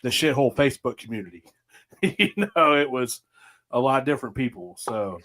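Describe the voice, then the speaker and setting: A man's voice: medium pitch, expressive, a little fast, fairly bright tone. A man guest chatting casually on a podcast, easygoing, laughing as he recalls stories and acts out quotes. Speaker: guest, moonshine partner.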